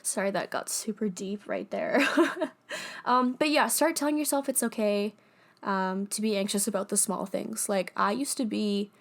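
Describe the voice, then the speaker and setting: A woman's voice: medium pitch, moderate pace, creaky. Young woman, podcast host, casual monologue, candid, swears, laughs a lot. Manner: candid, laughs often, swears freely, many fillers.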